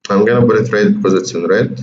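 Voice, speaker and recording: Fast and on the low side, with a slightly mellow tone, a man's voice guides viewers through trading charts during a screen share. As a trading educator, he chats repetitively and often says "guys." The audio is roomy and muffled, with a faint hiss.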